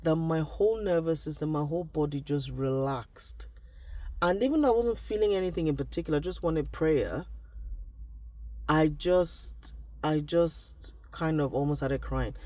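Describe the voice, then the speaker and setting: A man's voice: fairly high pitch, animated, moderate pace, darkish tone, dry recording. A man from Nigeria, talking through personal reflections in a casual diary vlog, often trailing off and restarting his thoughts. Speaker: vlogger.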